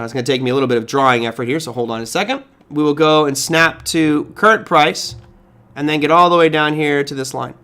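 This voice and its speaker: A middle-aged man hosts a live market-commentary stream and answers viewer questions. His voice sits fairly high for a man, and he talks in a loose, animated way, with rhetorical questions and quick restarts.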